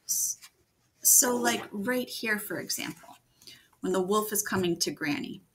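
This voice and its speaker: A woman teaching children to write fairy tales in a video lesson. She talks gently and encouragingly, and thinks out loud. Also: medium pitch, measured pace, a little hiss or hum. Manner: thinks aloud, gentle and encouraging, with frequent restarts. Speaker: writing teacher.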